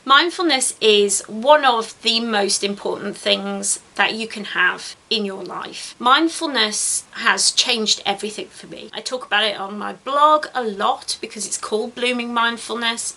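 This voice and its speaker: A woman's voice: a little high, normal speed, few pauses, bright, forceful tone. A tired woman vlogger talking to camera, giving earnest, encouraging self-help advice and repeating words for stress. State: tired, yawning.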